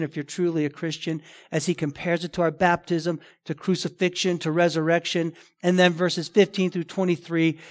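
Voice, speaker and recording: Male pastor, higher-pitched voice, emphatic expository preaching with loud and soft swings. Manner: emphatic, swings between loud declarations and quiet asides. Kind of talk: expository sermon.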